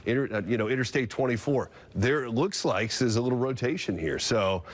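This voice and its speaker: A man's voice: medium pitch, expressive, brisk. A man, a TV meteorologist, giving live severe weather coverage and explaining radar as he goes, with fillers and restarts.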